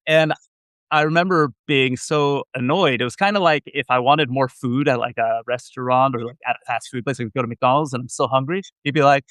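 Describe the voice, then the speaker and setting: This man speaks fairly quickly in a medium pitch with a slightly bright tone, recorded dry. He's a venture investor guesting on a video call interview, telling casual, self-deprecating stories from his computer that wander and restart many times.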